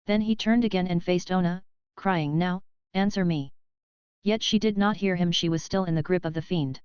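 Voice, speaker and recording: A woman narrating a classic novel as an audiobook in a steady, measured storytelling manner. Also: fairly low pitch, clear, resonant tone, no room sound, highs cut off.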